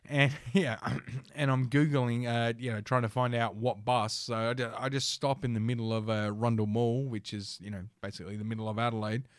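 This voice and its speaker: A man's voice: mid-range voice, steady tone, fairly quick, clean tone, no echo, studio quality. A man with an Australian accent, hosting a livestream and telling a rambling, profane story full of fillers and restarts. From South Australia, Australia. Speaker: podcast host.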